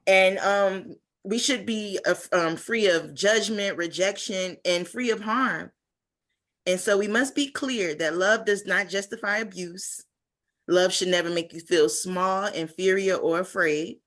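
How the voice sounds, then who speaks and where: A woman's voice: fairly low pitch, unhurried, a bit bright. A woman in her twenties giving an earnest, heartfelt personal testimony at a conference over a video call, with frequent fillers. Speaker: conference speaker.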